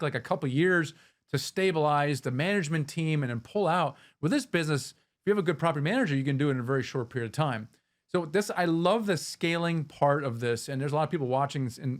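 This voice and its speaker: A man hosting an interview, energetic and explaining at length in a conversational way. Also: on the high side. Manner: energetic, talks in long run-on explanations with restarts. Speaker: podcast host interviewing an investor.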